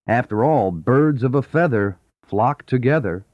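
A man's voice: medium pitch, lively intonation, unhurried, no room sound, lightly acted. A man doing a stern chicken farmer. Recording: dull lo-fi audio.

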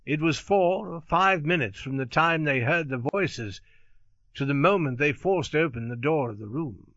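Male audiobook narrator, animated delivery, dry and slightly dull lo-fi sound. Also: a little high, no echo. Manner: measured, expressive storytelling.

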